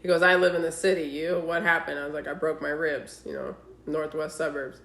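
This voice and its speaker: A woman's voice: deep voice, a little fast, creaky. A woman co-hosting a casual podcast, telling dating stories and acting out the texts with lots of swearing. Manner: animated storytelling, acting out quoted texts, heavy swearing. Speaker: podcast co-host. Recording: roomy echo.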